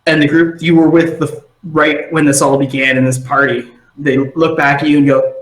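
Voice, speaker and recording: A man runs a tabletop game, narrating scenes with animated energy. His voice sits a little higher than most men's. The room around him rings with noticeable echo. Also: moderate pace. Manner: animated, acting out side characters. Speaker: game master.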